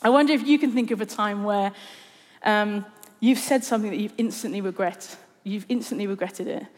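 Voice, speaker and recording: A woman's voice: medium pitch, a little fast, a little mellow. A woman preaching a conversational sermon, telling stories with a humorous, self-deprecating touch. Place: church hall. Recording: long reverb of a large hall.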